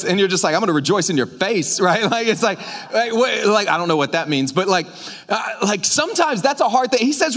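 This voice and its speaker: A man's voice: high voice, normal speed. A man preaching a casual, joking sermon to his church, talking with the congregation as he goes. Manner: joking, conversational, animated preaching with audience asides. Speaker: pastor. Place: church sanctuary.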